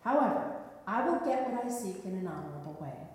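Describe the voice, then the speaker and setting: A woman voicing a stern, mighty male knight who speaks in a booming, threatening way. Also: sing-song, a little fast, lightly acted. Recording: echoey hall, mic far off.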